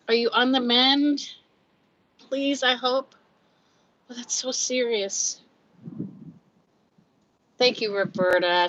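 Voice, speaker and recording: A woman's voice: on the high side, a bit bright, dry recording, dull audio. A woman in her fifties with a Californian accent, hosting a casual live chat from home, out of breath, candid and chatty, reading comments aloud and laughing often. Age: 50s. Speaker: livestream host.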